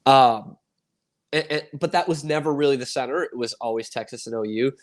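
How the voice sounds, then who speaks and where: A man's voice: mid-range voice, fairly quick. Rambling man in a sports chat. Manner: rambling rants with quoted voices and "like" fillers. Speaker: podcast co-host.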